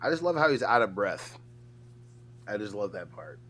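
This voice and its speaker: A man co-hosting a casual chat, telling stories in an animated way and laughing often. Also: lowish voice, normal speed. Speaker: co-host.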